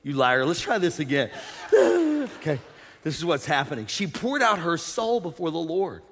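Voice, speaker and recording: A man preaching a sermon as pastor, energetic and humorous, calling out to his congregation. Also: a little high, moderate pace, breathy edge. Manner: energetic preaching with audience call-outs and humor. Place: church sanctuary. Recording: long reverb of a large hall.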